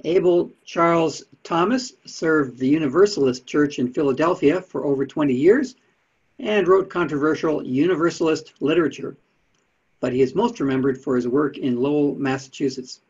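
A man's voice: fairly high pitch, normal speed, a little mellow, breathy edge. A man giving a casual lecture on history with slides, chatty, with dry asides. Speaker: presenter of talks on Unitarian history. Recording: dull lo-fi sound.

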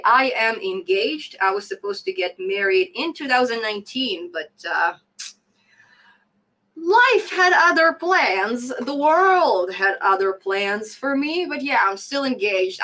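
Woman in her 30s on a live stream, chatty, laughs a lot, repeats herself for emphasis, mid pitch. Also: sharp tone, rough recording. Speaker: host of a coding live stream. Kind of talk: casual live-stream Q&A reading chat comments.

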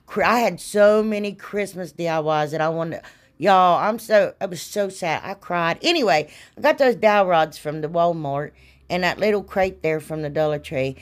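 A middle-aged woman, hosting a craft channel and chatting in a rambling, folksy way, talking straight to her viewers. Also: fairly low pitch. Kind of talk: casual chatty craft tutorial.

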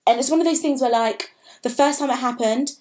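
A woman in her twenties, recounting a painful experience in a candid, halting personal vlog. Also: high voice, darkish tone. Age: 20s. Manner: candid, halting, emotional storytelling. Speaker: vlogger.

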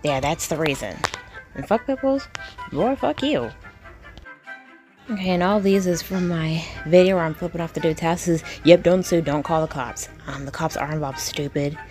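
A woman's voice: low-pitched, steady tone, brisk, hardly any pauses, a little mellow, faint music behind. A woman reacting to comments in casual commentary, blunt, indignant and profane. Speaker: video creator reacting to comments.

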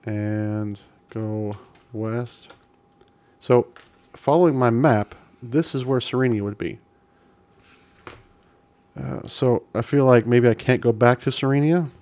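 Slow-talking man streaming a retro game. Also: mid-range voice, darkish tone. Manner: amused, reads game text aloud, chuckles often. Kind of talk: casual gameplay commentary.

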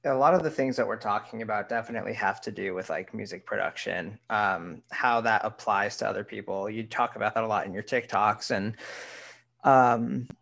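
A man hosting a casual podcast interview, encouraging his guest and filling pauses with "um". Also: on the low side, gravelly, a bit bright. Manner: encouraging, frequent "um". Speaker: podcast host.

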